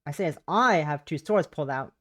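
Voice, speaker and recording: A woman streaming a game playthrough, reading the text aloud in a lively, casual way and tripping over words. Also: low voice, a little fast. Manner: animated, stumbles and rereads words.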